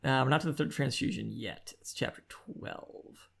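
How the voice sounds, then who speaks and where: A man's voice: mid-range voice, moderate pace, vocal fry. A man co-hosting a podcast, casually walking through a novel's plot and chatting it over. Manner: easygoing, steers the discussion through the plot. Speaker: podcast co-host. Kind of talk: casual book discussion.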